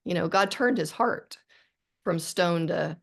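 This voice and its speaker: A woman's voice: fairly low pitch, takes it slowly, creaky. A middle-aged woman, an author guest on a podcast interview, talking earnestly and reflectively with frequent restarts.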